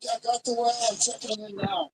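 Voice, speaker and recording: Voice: mid-range voice, animated, quick pace, heavy background noise. A speaker on a live panel chat, talking in a rambling, emphatic way.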